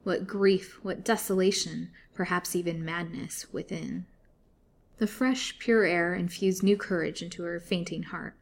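A woman narrating a serialized storybook in a steady, expressive reading. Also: fairly low pitch, measured pace. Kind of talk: scripted narration.

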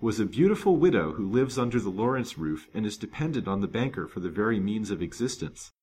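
A man's voice: on the low side, sing-song, a little fast, a little mellow, a little hiss or hum, voice pushed up. A man reading the lines of a frail, grateful young woman in a storybook, in an earnest, emotional tone.

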